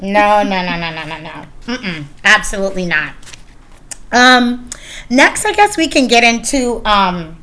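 A woman's voice: medium pitch, expressive, unhurried, pushed and bright. A woman in her thirties hosting a casual chat, candid and swearing freely, with lots of fillers. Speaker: podcast host.

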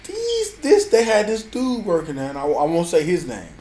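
Animated, profane male storyteller. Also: sits high, moderate pace, slight background noise. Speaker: podcast co-host. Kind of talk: casual storytelling chat.

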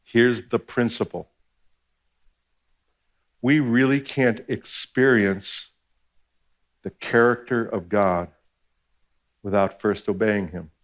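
A male pastor delivers a conversational sermon slowly, with long pauses, acting out quoted voices. He swings between hushed, low passages and raised, emphatic ones.

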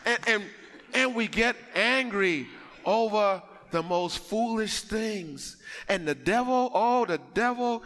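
A man who grew up in the West Indies, preaching a sermon with animated, comic storytelling that builds to shouts. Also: high voice, unhurried, big-room sound. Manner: animated, acts out dialogue in comic voices. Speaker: pastor.

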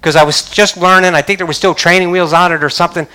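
An older male pastor delivers a sermon in a notably high voice. He preaches with emphatic, rising conviction and punctuates points with hallelujahs. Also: fairly even intonation, quick pace, bright, forceful tone, clean tone. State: choked up.

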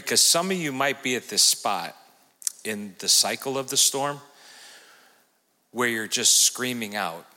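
A man, the church's pastor, giving conversational closing remarks and an invitation to prayer. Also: lowish voice. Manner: warm, conversational with fillers. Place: church sanctuary. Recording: long church hall reverb.

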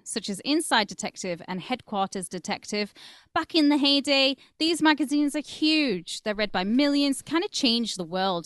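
A woman co-hosting a true-crime podcast talks in an easy, joking way as she reads quotes aloud. Her pitch sits in the middle for a woman. The sound is dry and close, with no room echo. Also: a bit bright. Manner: chatty, jokey storyteller, reads quotes aloud. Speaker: podcast co-host.

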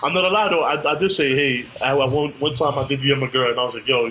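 A man's voice: medium pitch, fast talker, bright, forceful tone, slight background noise, rough recording. A man hosting a casual podcast chat, laid-back and playful.

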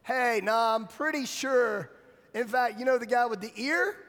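A man voicing a pushy bystander who is loud and insistent. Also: extremely high pitch, a little slow, big-room sound, heavily acted. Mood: accusing.

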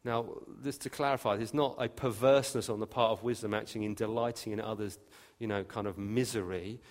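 A man preaching a sermon, emphatic, with his voice lifting and growing louder when he quotes scripture. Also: fairly low pitch, fairly even intonation, a little fast. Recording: long reverb of a hall.

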